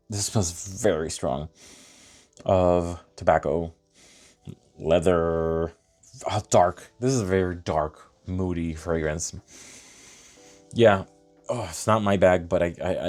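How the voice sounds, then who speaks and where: Low-voiced guy doing a casual perfume unboxing, chatty and animated, faint music behind. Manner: animated, thinks aloud, many fillers and restarts. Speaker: fragrance reviewer.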